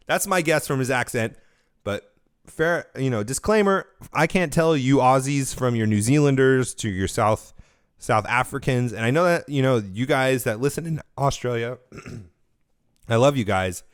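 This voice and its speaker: A man's voice: mid-range voice, smooth. This is a man hosting a podcast by himself, speaking in a casual, rambling way. He corrects himself mid-phrase and drifts between thoughts. A cold he is getting over has left his throat dry. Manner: rambling, self-correcting, conversational. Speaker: podcast host. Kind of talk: casual solo podcast commentary.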